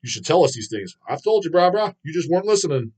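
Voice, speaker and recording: A man's voice: a little high, very animated, fast, darkish tone, husky. A middle-aged man hosting a livestream, ranting in a swaggering, foul-mouthed, mocking way. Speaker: livestream host. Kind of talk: profane casual rant.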